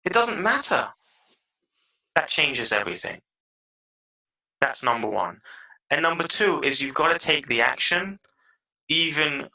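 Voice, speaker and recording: A man as a podcast guest giving emphatic advice, acting out inner voices with big jumps in pitch. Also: pushed and bright, poor audio. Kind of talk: animated interview talk.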